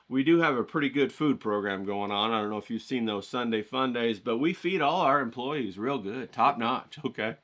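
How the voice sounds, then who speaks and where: A man's voice: mid-range voice, pushed and bright. A man hosting an art vlog, rambling and joking in a folksy, casual way. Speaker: art channel host. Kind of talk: casual vlog talk with drawing tips.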